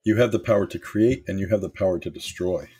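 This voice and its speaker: Husky, deep-voiced middle-aged man. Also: fast, mellow. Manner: candid and storytelling, with occasional swearing. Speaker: former manager sharing leadership lessons. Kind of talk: motivational talk.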